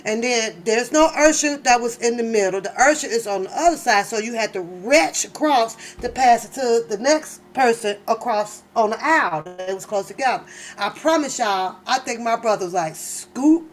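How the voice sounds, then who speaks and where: A woman hosting her channel, telling comic stories in a casual, animated and profane way, laughing often. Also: on the high side, normal speed. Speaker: channel host. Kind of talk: casual comedic storytelling.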